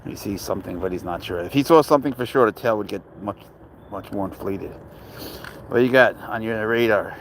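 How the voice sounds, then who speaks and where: A man's voice: fairly low pitch, brisk, slight background noise. Chatty man streaming with his cat. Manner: rambling, jokey, greets viewers by name, drifts quieter. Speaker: livestream host and serval cat owner. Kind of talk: casual livestream chat reading viewer comments. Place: home, indoors.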